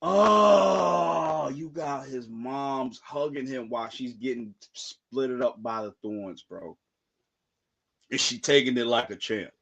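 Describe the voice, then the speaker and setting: A young man on a live reaction stream, talking in slang and breaking into shouted outbursts. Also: medium pitch, slow, breathy edge, muffled recording. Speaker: streamer reacting to a manga chapter.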